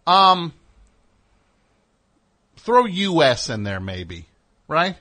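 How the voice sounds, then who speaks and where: A man's voice: a little high, sing-song, drawn-out words, sharp tone. A man hosting a comedic talk show, riffing in a rambling, sarcastic way with plenty of fillers. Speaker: host.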